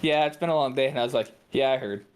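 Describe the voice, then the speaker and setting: A man's voice: medium pitch, fast talker, smooth. A man co-hosting a podcast, telling a profane story in casual chat. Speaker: podcast co-host.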